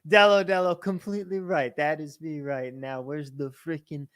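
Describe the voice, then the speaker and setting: Joking New Jersey man, higher voice. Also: moderate pace, smooth. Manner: joking, animated storyteller. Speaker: co-host. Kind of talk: casual livestream chat.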